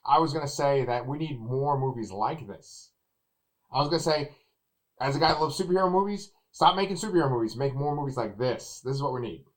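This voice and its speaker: Man, casual movie review chat, animated, acts out quotes, mid pitch. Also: fairly quick, poor audio. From Texas.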